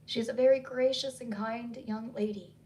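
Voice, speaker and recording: A woman voicing an insistent Southern woman with a Southern accent, who stays calm while she presses hard. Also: on the high side, moderate pace, recorded from a distance, natural voice. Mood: urgent, insistent. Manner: calm but pressing, pleading.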